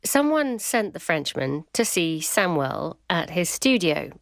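A woman presenting and narrating a documentary in a measured way. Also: lowish voice, sing-song, no room sound, clean studio sound. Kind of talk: scripted narration.

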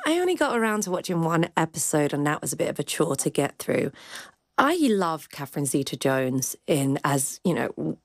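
A woman's voice: deep voice, no room sound, studio quality. A woman film critic giving candid, chatty opinions in a radio discussion. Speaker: film critic, cultural commentator.

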